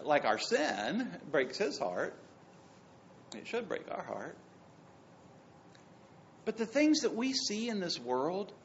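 A man preaching a sermon in a high, gravelly voice. He pushes hard on some lines and drops to near quiet on others. The recording is a bit dull, with faint room noise behind him. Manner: emphatic, swings between loud and soft. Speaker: pastor.

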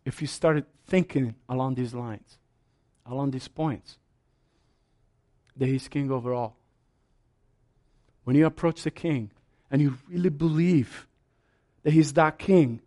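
A man preaching a sermon as a pastor, passionate, swinging from soft asides to loud, high exclamations. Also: measured pace, long pauses.

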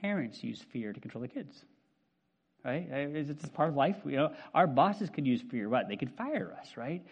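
Animated pastor preaching, chatty and lively. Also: male voice, on the high side, normal speed, vocal fry, slightly rough, highs cut off. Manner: conversational, animated, frequent "right?" check-ins. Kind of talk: sermon.

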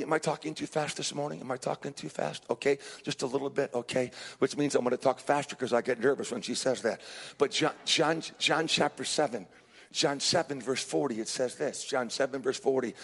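A man preaching a sermon as pastor, fervent, swinging between hushed passages and shouted ones. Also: medium pitch, a little fast, gravelly, breathy edge. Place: restaurant hosting a Sunday service. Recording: long reverb in a large room.

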